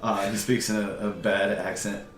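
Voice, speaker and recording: A man's voice: fairly low pitch, level tone, normal speed, roomy sound. A man introducing his character at a tabletop game, joking and self-mocking. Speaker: player. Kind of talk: casual chat.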